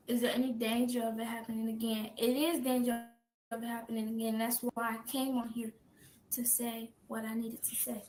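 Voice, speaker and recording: A teenage girl answering viewer questions on a live stream, speaking quietly and at times whispering. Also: a little high. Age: teens. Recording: echoey room with faint background noise.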